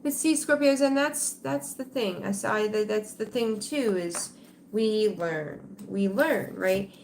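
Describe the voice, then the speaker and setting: A woman's voice: mid-range voice, takes it slowly, darkish tone, a little hiss or hum. A middle-aged woman hosting a tarot livestream, chatting with viewers in an emotional, rambling way full of fillers and restarts. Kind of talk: casual livestream chat with viewers.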